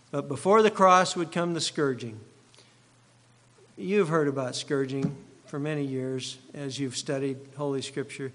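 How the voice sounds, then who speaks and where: A man's voice: medium pitch, a bit bright, long reverb tail. A male pastor preaching an expository sermon, driving points home by repeating key phrases.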